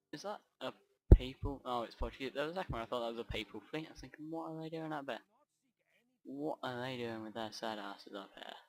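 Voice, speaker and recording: Over a strategy game, a man with a medium-pitched voice gives rambling let's play commentary on a rough recording. He drifts off track, often trailing off and interrupting himself to restart his sentences.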